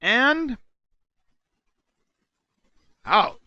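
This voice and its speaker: A man's voice: very high voice, sing-song, drawn-out words, pushed and bright, dry recording, dull audio. A man from California co-hosting a show, joking and telling game matchups as loose, self-mocking stories. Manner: jokey, laughs at himself, loose storytelling. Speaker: co-host. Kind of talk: casual comedic chat, narrating game matchups.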